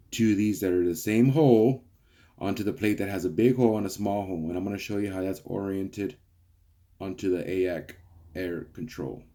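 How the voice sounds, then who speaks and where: A man's voice: deep voice, a little mellow. A young man rambling casually to viewers in a garage vlog, calling them guys. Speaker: car vlogger. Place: home garage workshop.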